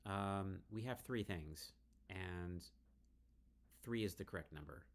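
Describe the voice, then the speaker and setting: A man playing a text adventure, talking himself through his choices in a playful, animated way. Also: low voice, takes it slowly. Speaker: game streamer. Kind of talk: let's play commentary.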